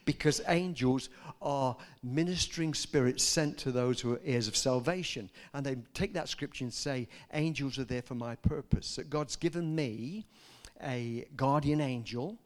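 An older man preaching a sermon, telling stories and rising to loud, emphatic peaks. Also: medium pitch, moderate pace. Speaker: pastor.

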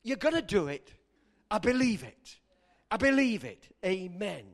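A man preaching a sermon, animated and bursting into shouts at moments of emphasis. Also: high-pitched, unhurried.

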